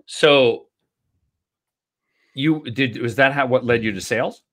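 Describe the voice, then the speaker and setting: Fields: Sex: man. Role: host. Pace: slow. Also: mid-range voice, fairly bright tone. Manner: short encouraging reactions and questions. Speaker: podcast host. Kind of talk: casual interview chat.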